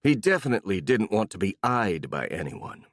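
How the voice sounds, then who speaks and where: Brief: man reading fantasy audiobook, expressive, dry booth sound. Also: on the low side, normal speed, no room sound. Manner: expressive, voices each character. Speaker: audiobook narrator. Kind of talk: scripted fantasy narration.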